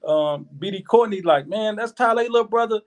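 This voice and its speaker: A high-voiced man from Chicago, a podcast guest, tells a story casually and a little fast. He's animated and slangy, repeating words as he goes.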